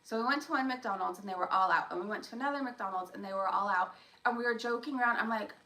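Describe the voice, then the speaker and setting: A young woman hosts a casual live stream from home and chats with viewers by name, rambling between topics. Her voice is bright and a little high. She sits back from the mic in an echoey room. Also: fast talker, far from the mic. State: coughing after choking. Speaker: YouTube vlogger hosting a live stream.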